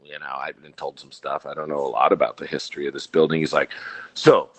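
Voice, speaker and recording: Very deep-voiced man telling a story. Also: quick pace, no room sound. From Billings, Montana, USA. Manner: rambling, animated, with laughs and quoted dialogue. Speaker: podcast co-host. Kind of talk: casual storytelling chat.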